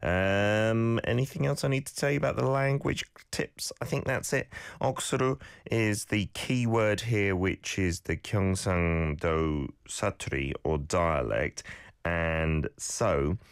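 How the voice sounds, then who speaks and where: A man's voice: fairly low pitch, slow, vocal fry, smooth, dry recording, clean studio sound. A middle-aged man hosting a casual language lesson, chatty and explanatory as he reads out viewer comments. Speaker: language teacher and host.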